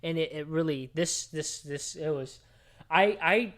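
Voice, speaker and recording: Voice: mid-range voice, unhurried, a bit bright. Rambling, foul-mouthed podcast co-host. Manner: rambling, swearing, heated movie recap with many fillers. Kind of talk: casual podcast chat.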